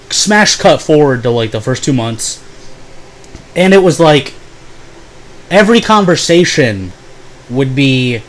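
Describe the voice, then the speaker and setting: A man's voice: on the high side, lively intonation, takes it slowly, long pauses. A young man telling a rambling, profane storytime full of "like" and fillers. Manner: bursts into loud exaggerated impressions. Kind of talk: casual storytime.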